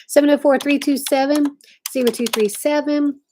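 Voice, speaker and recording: A woman's voice: sits high, steady tone, moderate pace, noisy background. A woman hosting a casual craft livestream from home, chatting and reading viewer comments aloud. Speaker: livestream host.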